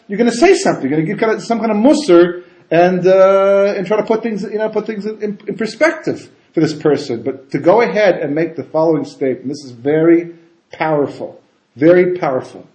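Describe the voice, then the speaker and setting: Man, rabbi, casual Torah lecture, fairly high voice, mellow tone, rhetorical questions, echoey room. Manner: animated, rhetorical questions, frequent "you know" and "right?". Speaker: rabbi giving a Torah talk.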